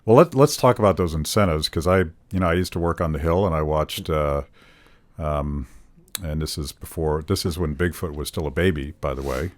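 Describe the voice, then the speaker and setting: Deep-voiced middle-aged podcast host. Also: male voice. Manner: measured, with fillers and soft agreement. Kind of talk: casual interview chat.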